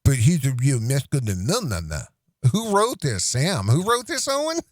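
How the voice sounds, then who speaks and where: A man's voice: medium pitch, wildly swooping pitch, moderate pace, no echo, studio quality. A middle-aged man hosting a reaction commentary show, mocking and sarcastic, breaking into laughs as he talks.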